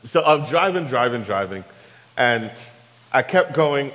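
A man's voice: a little high, sing-song, measured pace, pauses often, fairly bright tone, long reverb tail, rough recording. A man preaching a sermon, telling a story and asking the congregation rhetorical questions. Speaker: pastor.

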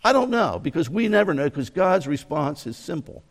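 A man's voice: fairly high pitch, sing-song, normal speed, creaky. Man preaching with long reverb. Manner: conversational, asks the listeners questions, swings from soft asides to raised emphasis. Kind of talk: outdoor sermon. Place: outdoors near a mountain.

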